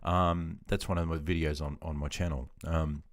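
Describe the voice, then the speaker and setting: A man's voice: rumbling low, little pitch movement, moderate pace. An Australian man in his fifties, chatting in a rambling, self-deprecating way while reading out chat on a gaming live stream. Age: 50s.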